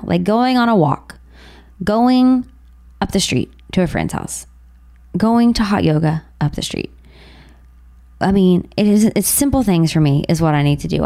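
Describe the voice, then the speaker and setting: A woman's voice: medium pitch, vocal fry, a little mellow. A woman in her thirties, a podcast host, talking through her week in a rambling, repetitive, heartfelt monologue. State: tearful. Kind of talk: emotional personal monologue.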